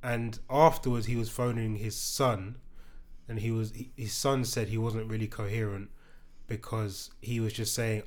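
A man's voice: on the low side, level tone, moderate pace. A man in casual conversation, recounting a story with hesitations and fillers. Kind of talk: casual chat.

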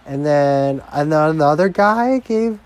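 A woman's voice: sits low, animated, slow, a little mellow, voice pushed up. A man voicing a ditzy, drunk young woman who rambles through a story in a raised, breathless voice. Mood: rambling.

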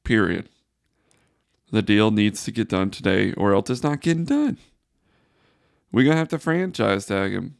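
Frustrated man ranting, gravelly and low. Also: expressive, moderate pace, pauses often, dry recording, studio quality. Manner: exasperated, ranting. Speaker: podcast host. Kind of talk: solo sports podcast rant.

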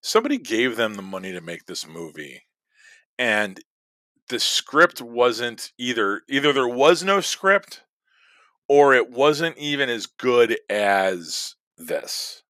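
A man's voice: medium pitch, lively intonation, slow, pushed and bright, no echo. A man in casual chat about a film, rambling with restarts, swearing and recommending it. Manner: rambling, restarts, profane, enthusiastic. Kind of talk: casual movie review chat.

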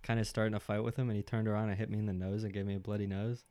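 A man's voice: fairly low pitch, flat delivery, racing, mellow, clean tone. A young man telling a story in an easygoing, plainspoken way on a podcast. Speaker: podcast co-host. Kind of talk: casual chat.

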